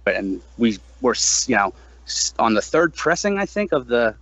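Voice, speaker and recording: A man in his thirties chatting as a podcast guest, with a voice of middle pitch. His delivery is animated and expressive, rising and falling widely. He swears freely and leaps high when he acts out his own reactions. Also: normal speed, no room sound, poor audio. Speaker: guest musician, drummer. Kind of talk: casual podcast interview chat.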